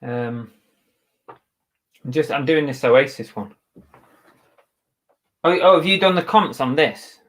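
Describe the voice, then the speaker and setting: A man's voice: medium pitch, expressive, takes it slowly, pauses often, fairly bright tone. A man from Manchester, England, chatting casually on a live stream while listing items, muttering to himself and tossing asides to viewers. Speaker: eBay reseller streaming live. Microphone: webcam.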